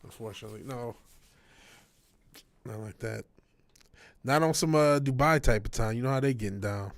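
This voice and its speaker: A man's voice: medium pitch, quick pace. A man livestreaming from his home music studio, chatting casually with plenty of slang and swearing, sometimes talking to his dog. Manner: laid-back, slangy, swears often; coaxing and scolding his dog. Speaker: music producer streaming live.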